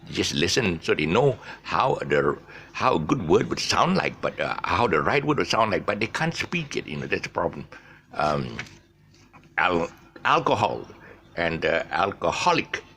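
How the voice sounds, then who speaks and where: A man's voice: sits low, big pitch swings, normal speed, bright, forceful tone, slight background noise. A man teaching English pronunciation casually, stretching the stressed syllables to demonstrate and restarting his sentences often. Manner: explains with many restarts and fillers. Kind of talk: casual spoken English lesson.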